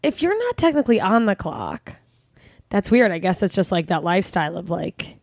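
A young woman co-hosting a podcast, animated and laughing in profane casual chat. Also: medium pitch, moderate pace, dry recording, studio quality. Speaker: podcast co-host.

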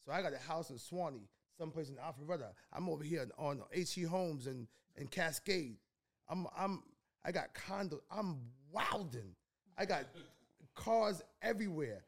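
A middle-aged man from New York tells stories as a podcast guest, relaxed and rambling, often restarting his sentences. His voice sits a little high for a man. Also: moderate pace, vocal fry. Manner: laid-back, rambling with many restarts. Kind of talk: casual storytelling in a podcast interview.

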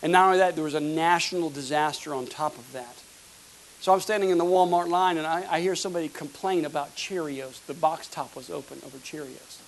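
A pastor from the United States, preaching a fervent sermon with emphatic repeated words. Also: male voice, a little high, fairly quick, a little hiss or hum, rough recording.

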